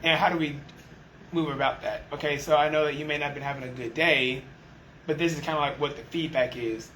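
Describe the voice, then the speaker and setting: A man who leads a restaurant team, chatting casually and acting out the exchanges in his stories with lively energy. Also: a little high, a little fast, a little hiss or hum, rough recording. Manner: animated storyteller, acts out quoted exchanges. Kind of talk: casual conversation.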